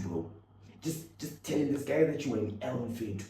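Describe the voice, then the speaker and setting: Young man, low dark voice, loud-to-hushed storyteller, roomy echo. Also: fast talker, slight background noise. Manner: animated, slangy, swings from loud to hushed. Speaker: vlogger. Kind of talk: storytelling monologue. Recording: echoey room with faint ambience.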